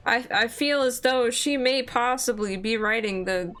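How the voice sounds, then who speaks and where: A woman's voice: on the high side, measured pace, fairly bright tone, faint music behind. A young woman streamer chatting casually and playfully over a game, giggling and joking crudely.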